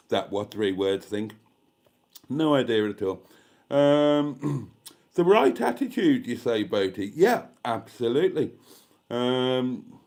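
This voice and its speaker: A man from Britain hosting a casual live stream, reading out viewer comments in a chatty, self-mocking, camp way. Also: medium pitch. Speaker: YouTube live stream host. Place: indoors at home.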